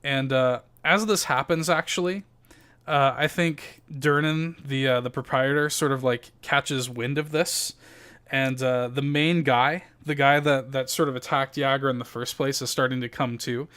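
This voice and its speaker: A man's voice: mid-range voice, steady tone, measured pace, fairly bright tone, smooth. A man running a tabletop game as game master, narrating loosely with many fillers and casual swearing.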